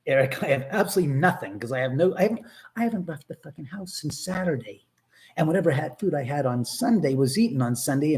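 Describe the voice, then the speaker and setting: A man hosting a live stream, chatting in a rambling, profane way and answering viewer comments as he goes. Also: a little high. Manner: animated, profane, reads viewer comments aloud.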